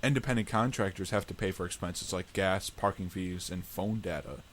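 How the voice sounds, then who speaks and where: Brief: man co-host, very low voice, steady explainer, online call. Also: moderate pace, a little hiss or hum. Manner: steady, explains and reads out news. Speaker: podcast co-host. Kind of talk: casual chat.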